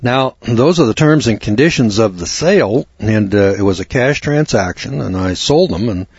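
A man's voice: on the low side, animated, normal speed, a little mellow, breathy edge, no echo, lo-fi sound. A man telling a rambling, folksy anecdote, often repeating words and restarting his sentences. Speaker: storyteller.

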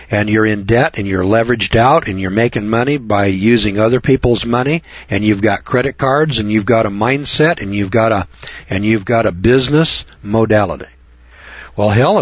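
A man's voice: medium pitch, husky, no room sound. A middle-aged man hosting a radio talk show, folksy and sarcastic, rambling with repetitions. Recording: dull dry lo-fi radio recording.

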